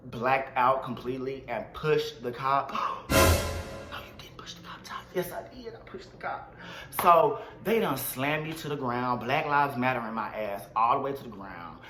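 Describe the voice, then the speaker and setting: A man telling a storytime vlog in an animated, slangy and dramatic way. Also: medium pitch, roomy sound. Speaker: vlogger.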